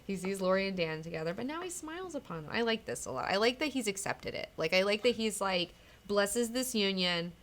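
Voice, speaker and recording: A woman's voice: mid-range voice, a little fast. A woman hosting a casual comic book recap, rambling and candid, swearing freely and acting out characters' lines. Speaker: comic book discussion host.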